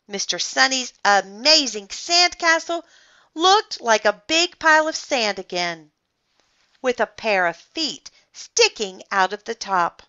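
A woman reads a children's book aloud, unhurried and full of expression, her pitch leaping around. Her bright voice comes through a slightly dull lo-fi recording. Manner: expressive, animated storytelling.

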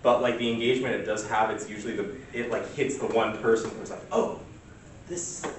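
A man presenting at a workshop in a relaxed, chatty way, full of fillers. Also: lowish voice, fast talker, a little hiss or hum. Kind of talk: casual workshop talk. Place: church meeting room. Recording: echoey room recorded from far off.

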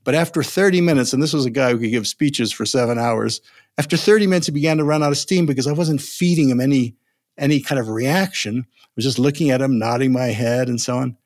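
Vivid older male storyteller, podcast guest, mid-pitch voice. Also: quick pace. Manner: animated storyteller, acts out quoted voices. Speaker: negotiation expert guest.

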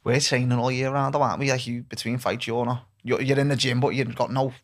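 A man with a Scouse accent chatting casually as a podcast guest, slangy, trailing off softly at times. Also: mid-range voice, flat delivery, quick pace. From Liverpool, England. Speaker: guest footballer. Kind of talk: casual chat.

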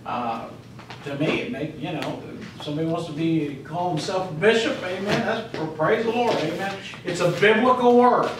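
A Baptist pastor preaching a folksy sermon, talking casually, stammering and dropping in "amen" often. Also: male voice, high-pitched, noisy background. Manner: conversational, repeats "amen", stammers. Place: church. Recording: echoey church from far off.

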